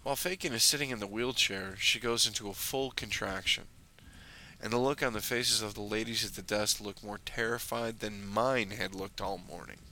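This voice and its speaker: A young man tells his own story in a dry, wry manner, often clipping his lines into short checklist phrases. His voice sits a little low yet sounds very bright and forceful. A faint noise runs under the recording. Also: fairly even intonation, normal speed. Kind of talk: first-person storytelling.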